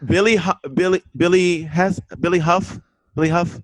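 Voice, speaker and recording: A man, the guest, telling a story in a casual chat, animated and profane, loudly acting out what people said. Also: high-pitched, moderate pace, no room sound, low-quality recording. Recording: remote link.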